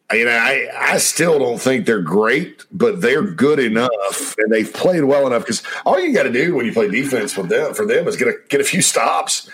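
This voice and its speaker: A man hosting a casual sports talk show, reading viewer comments aloud and rambling with laughs and quick impressions of coaches. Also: medium pitch, a bit bright, husky.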